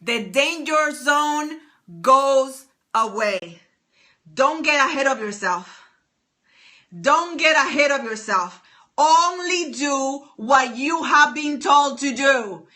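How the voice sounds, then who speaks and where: A woman's voice: sits high, expressive, slow pace, pushed and bright. A woman giving a motivational talk, emphatic and repetitive, with many rhetorical questions. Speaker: motivational speaker.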